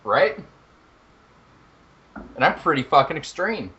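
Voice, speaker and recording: A young man co-hosting a podcast in casual chat, animated and profane, laughing at his own jokes. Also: fairly high pitch, takes it slowly, muffled recording. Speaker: podcast co-host.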